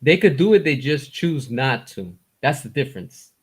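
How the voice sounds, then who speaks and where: A man's voice: fairly high pitch, big pitch swings, moderate pace, husky. A man speaking bluntly and emphatically in a casual chat.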